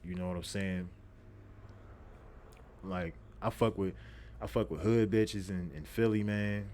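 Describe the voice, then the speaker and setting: A young man tells a story on his podcast in a very low, deep voice. He talks bluntly and profanely, circling back over his own words. Faint background noise sits under the recording. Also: steady tone, unhurried, a little mellow. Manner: profane, repetitive, streetwise storytelling. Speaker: podcast host. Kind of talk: casual storytelling monologue.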